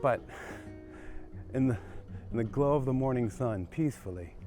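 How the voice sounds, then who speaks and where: A man's voice: medium pitch, a little slow. An American man vlogging casually while walking outdoors, musing aloud as he shows the camera around the countryside. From United States. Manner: relaxed, musing, talks to camera while exploring. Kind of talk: casual walking vlog narration. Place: outdoors, rural streets and tea fields. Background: background music.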